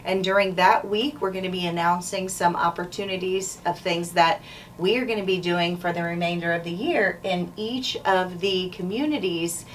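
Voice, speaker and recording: A woman school principal reading a children's chapter book aloud in a clear, measured way. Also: fairly low pitch. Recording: distant mic, faint background noise.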